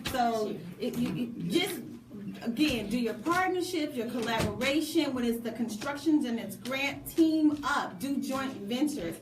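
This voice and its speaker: Woman co-host, lively and preachy, somewhat high voice, echoey room. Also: measured pace, background noise. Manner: lively, preachy, laughing asides. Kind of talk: casual radio talk. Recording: echoey room from a distant mic.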